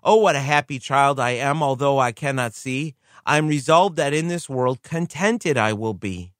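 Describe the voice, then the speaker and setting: A man's voice: medium pitch, normal speed, a bit bright, no echo, studio quality, natural voice. A man voicing an earnest, eager blind little girl who dictates a heartfelt letter to her grandfather. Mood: earnest, pleading.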